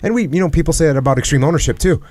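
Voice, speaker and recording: Here the same kind of speaker, a middle-aged American podcast host, sounds rather high and darkish and talks in rapid-fire bursts. His conversational manner stays reflective and earnest, with phrases repeated for emphasis.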